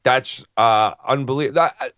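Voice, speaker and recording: Chatty, rambling podcast host. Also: male voice, mid-range voice, a little slow, a bit bright, smooth, dry recording, clean studio sound. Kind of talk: casual chat.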